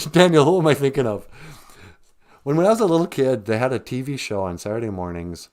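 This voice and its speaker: A man's voice: medium pitch, a little fast, darkish tone. Older man joking through a livestream. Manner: joking, reminiscing, reads chat aloud. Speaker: livestream host. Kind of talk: rambling livestream chat.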